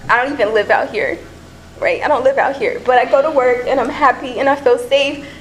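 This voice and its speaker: A woman's voice: sits high, steady tone, fairly quick, slight background noise, rough recording. A woman from Cincinnati giving an emotional, nervous public comment at a council meeting, earnest and pleading. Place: council chamber.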